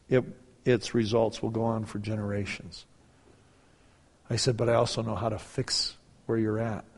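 A man in his sixties telling a story in a sermon, moving from hushed talk to loud preaching. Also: mid-range voice, vocal fry. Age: 60s. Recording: long hall reverb.

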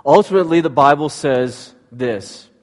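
A male pastor telling a family story in a conversational, animated way, then praying. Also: a little high, moderate pace. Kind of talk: sermon with storytelling. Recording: long hall reverb.

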